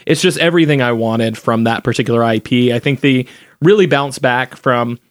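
A man's voice: medium pitch, normal speed, dry recording. Podcast panelist, man, rambling and chuckly, dry booth sound. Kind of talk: casual podcast chat.

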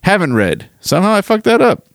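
A man's voice: high voice, big pitch swings, brisk, creaky, no room sound, studio quality. A man hosting a podcast in casual chat, rambling and self-deprecating as he goes through listener mail. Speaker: podcast host.

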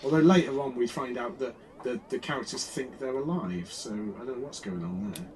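A man's voice: medium pitch, brisk, darkish tone, poor audio. A man co-hosting a podcast, rambling and wry in casual chat about an old episode. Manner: rambling, chatty, many restarts and wry asides. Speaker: podcast co-host.

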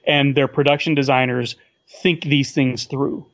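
A man's voice: mid-range voice, steady tone, a little slow, fairly bright tone, dry recording. A man talking as a guest on a casual film podcast, thoughtful and a little hesitant, repeating words as he thinks.

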